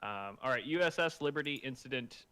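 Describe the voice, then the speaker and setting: A man co-hosting a live tech show in a relaxed, joking way, swearing casually now and then. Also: mid-range voice, a little fast, smooth. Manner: laid-back, joking, loose with swearing. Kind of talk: casual livestream chat.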